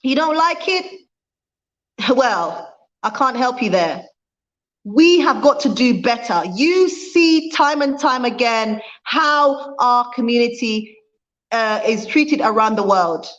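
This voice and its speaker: A woman's voice: on the high side, lively intonation, slow, fairly bright tone, highs cut off. A woman vlogger talking fervently on a livestream, repeating her points for emphasis and reading out viewer comments. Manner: reads viewer comments aloud. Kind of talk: impassioned livestream talk.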